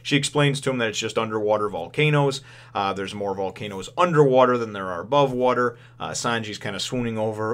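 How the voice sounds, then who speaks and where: A man reviews a manga chapter casually, talking fast in a fairly low, slightly bright voice. He rambles through the plot, chuckling often and using plenty of filler words.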